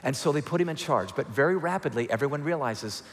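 A man's voice: fairly high pitch, animated, fast talker. A male pastor giving a sermon in a church, retelling a story in a conversational way with humorous asides. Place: church sanctuary. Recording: long reverb of a large hall.

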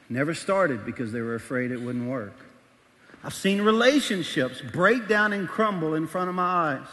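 High-voiced pastor preaching in a big hall. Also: male voice. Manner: animated, shifts between quiet asides and shouting. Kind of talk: sermon.

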